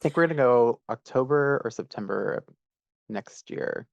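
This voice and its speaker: A man's voice: mid-range voice, expressive, moderate pace, gravelly, no echo, dull audio. A man co-hosting a podcast, chatting casually and laughing along with short reactions. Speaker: podcast co-host. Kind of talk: casual chat.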